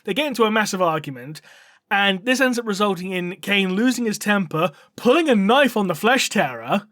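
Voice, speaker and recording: A man's voice: sits high, lively intonation, a little fast, a bit bright, dry recording, clean studio sound. A man on a podcast, casually retelling a story with playful swearing. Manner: playful, swears, acts out characters in quoted dialogue. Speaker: podcast co-host.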